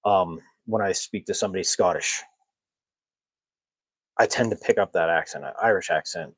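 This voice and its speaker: Low-voiced rambling podcast host man. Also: moderate pace, husky, dry recording, low-quality recording. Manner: rambling, chuckles often, self-mocking humor. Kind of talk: casual chat.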